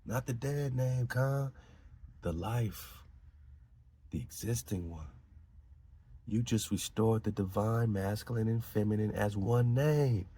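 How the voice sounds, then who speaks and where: A man's voice: on the low side, slow pace, long pauses, mellow, slight background noise. A man hosting a podcast who reads out and riffs on esoteric lore in an emphatic, preaching way. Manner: emphatic, preachy, laughs between lines. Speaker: podcast host. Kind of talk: reading aloud and riffing on esoteric lore.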